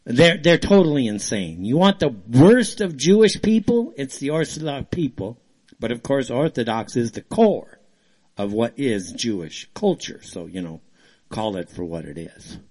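A man's voice: medium pitch, big pitch swings, measured pace, darkish tone. A man hosting a call-in talk show, ranting in a heated, fired-up way. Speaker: radio show host.

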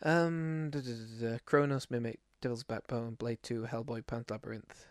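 A man co-hosting a podcast rambles casually about films, full of restarts and fillers. His voice is medium-pitched with fairly even intonation at a moderate pace, captured as clean studio sound with no echo.

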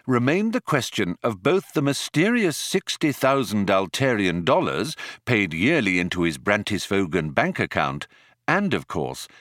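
A man's voice: lowish voice, fairly bright tone, no room sound. A man narrating an audiobook in a dry, wry storytelling manner. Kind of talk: scripted narration.

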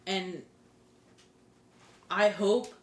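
A woman's voice: mid-range voice, very slow. Indignant woman podcaster in a roomy space. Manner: indignant, animated quoting of others. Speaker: podcast co-host. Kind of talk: casual chat.

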